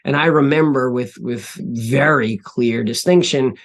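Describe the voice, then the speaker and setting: A man in his forties speaks as a podcast guest, earnest and reflective, with a middle-pitched voice. He often stops and restarts phrases as he recalls personal stories. The delivery is plain and close to the mic. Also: unhurried. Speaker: podcast guest, CEO and author. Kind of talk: interview storytelling.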